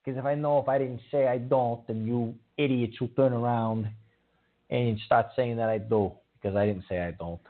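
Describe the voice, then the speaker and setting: A man's voice: medium pitch, fairly even intonation, normal speed. A man hosting a call-in show who stammers and gets riled easily. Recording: tinny phone-like sound.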